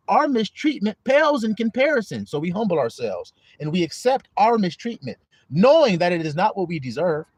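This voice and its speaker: A man's voice: high voice, no room sound. A man preaching on a livestream in a streetwise, profane style, mocking his listeners, laughing and firing rhetorical questions. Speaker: online preacher and livestream host.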